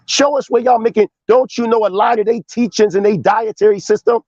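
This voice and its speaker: A high-pitched man argues in a heated debate, confrontational and emphatic, swearing as he presses each point. His voice comes through a little dull and lo-fi. The sound is dry and close. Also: steady tone, brisk, darkish tone, no echo.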